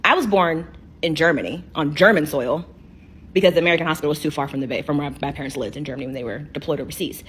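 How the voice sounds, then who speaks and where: A woman's voice: deep voice, fast, breathy edge. A woman in a casual vlog rant, indignant and sarcastic.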